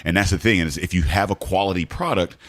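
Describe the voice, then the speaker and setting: Very low-voiced rambling man. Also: fast talker, dry recording. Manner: rambling, full of fillers and swearing. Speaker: podcast co-host. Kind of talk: casual chat. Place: podcast studio.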